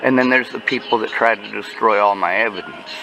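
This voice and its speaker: A man's voice: lowish voice, fairly quick, creaky, poor audio. A man telling his story in casual conversation, agitated and profane, often restarting his sentences.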